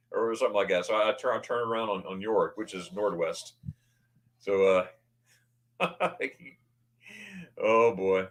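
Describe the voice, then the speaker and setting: A man hosting a casual livestream, greeting viewers by name and reading their comments, excitable and often stammering as he restarts his words. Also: lowish voice, unhurried, pauses often. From United States. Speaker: livestream host.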